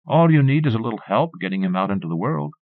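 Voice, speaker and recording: A man reading a short story aloud as an audiobook narrator, in a measured, even way. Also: fairly low pitch, no room sound. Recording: dull lo-fi cassette recording.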